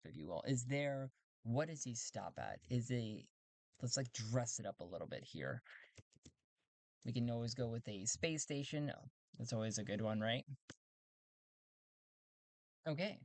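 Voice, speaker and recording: A man narrates his own solo tabletop game close to the mic in a mid-range, dry voice. He thinks out loud as he goes, corrects himself often and laughs easily. The sound is close and intimate, with no room around it. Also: medium pitch, no echo.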